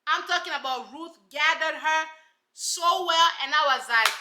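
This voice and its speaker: A woman's voice: high-pitched, measured pace, echoey room, background noise. A woman giving casual, sassy commentary on a reality show, emphatic and full of rhetorical asides.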